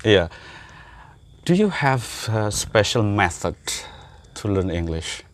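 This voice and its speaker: An Indonesian man hosts a relaxed chat in English, with an Indonesian accent. He asks curious questions and keeps the talk going with frequent short agreements. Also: lowish voice, slow. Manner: curious, encouraging with many backchannels. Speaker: host asking questions.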